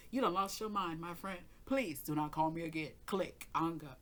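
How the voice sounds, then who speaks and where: A woman tells a story in a casual, animated way. She curses freely and acts out every voice in the dialogue herself. Her voice is low-set but bright and forceful. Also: normal speed, few pauses. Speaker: tarot reader and channel host.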